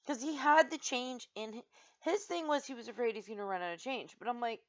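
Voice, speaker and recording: A woman's voice: on the high side, a little fast. Exasperated woman ranting, lo-fi audio. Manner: exasperated, animated storytelling with many "like"s. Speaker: vlogger. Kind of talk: casual ranting monologue. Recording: slightly dull lo-fi sound.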